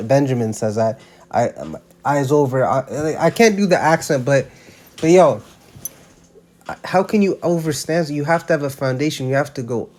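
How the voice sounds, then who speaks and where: A man's voice: medium pitch, darkish tone. A man giving casual religious commentary, emphatic and slangy, often restarting his sentences.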